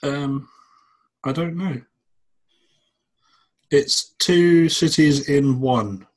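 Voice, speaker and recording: A man hosting a podcast in casual chat, a bit tipsy after a few beers, relaxed and swearing as he rambles. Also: on the high side, extremely slow, low-quality recording. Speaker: podcast host.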